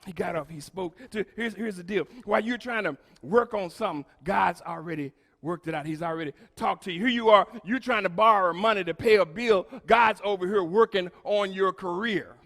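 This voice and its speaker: A man preaching a sermon to his congregation as pastor, swinging between shouted lines and quiet, low asides. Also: a little fast, hardly any pauses, big-room sound.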